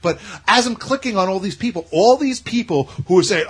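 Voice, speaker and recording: A man's voice: sits high, lively intonation, brisk, slightly rough. A man from Staten Island, ranting sarcastically in a casual podcast chat. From Staten Island, New York. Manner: ranting, sarcastic, swears freely.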